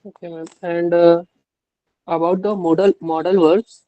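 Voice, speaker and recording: Male student, hesitant and polite, mellow dark tone, dry close sound. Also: high-pitched, little pitch movement, measured pace, no room sound, dull audio. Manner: hesitant, polite, says ma'am often. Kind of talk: asking questions in online class.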